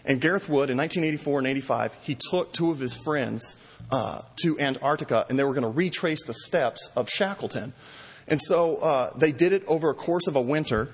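A man's voice: mid-range voice, fairly quick, breathy edge. A pastor preaching a sermon, telling stories and acting out cries for help as he goes. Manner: storytelling preacher, varies pace, acts out cries. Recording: long reverb in a large hall.

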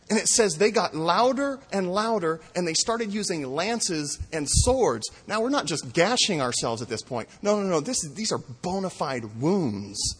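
A man preaching a sermon with an emphatic, mocking delivery that swings between loud exclamations and hushed asides. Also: high-pitched, animated, normal speed, breathy edge, in a large hall. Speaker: pastor.

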